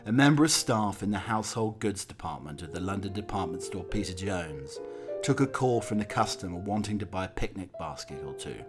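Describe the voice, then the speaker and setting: A man narrating from a script in a steady, measured reading voice with occasional slips. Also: sits low, over music.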